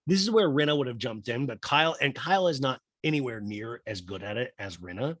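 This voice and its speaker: A man recaps a reality episode for laughs, with a lively voice that rises and falls a lot as he acts out everyone's lines. The recording is dry and close. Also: mid-range voice, brisk, dry recording. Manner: animated, acts out each person's lines. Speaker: podcast host.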